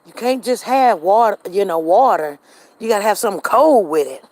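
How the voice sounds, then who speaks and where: A woman's voice: medium pitch, lively intonation, a little fast, darkish tone, no echo. Chatty middle-aged woman telling a story. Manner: chatty, laughs often, speaks directly to viewers. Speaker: vlogger telling a home story. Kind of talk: casual storytelling to viewers.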